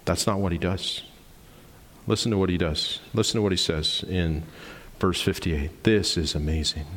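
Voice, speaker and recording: A man's voice: sits low, steady tone, moderate pace, long reverb tail. A man in his forties preaching a sermon, emphatic and explanatory, posing rhetorical questions to the congregation. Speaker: pastor.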